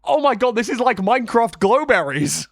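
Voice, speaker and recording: A young British man chatting casually on a live stream, joking and sarcastic, with quick swings in energy. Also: very high-pitched, sing-song, vocal fry, dry recording, studio quality. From Britain. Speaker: streamer and analyst.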